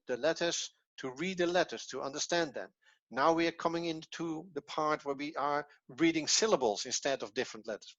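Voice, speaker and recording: A man teaching a Hebrew class online, patient and encouraging, often pausing and restarting. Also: on the high side, a bit bright, no echo. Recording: dull, lo-fi, dry.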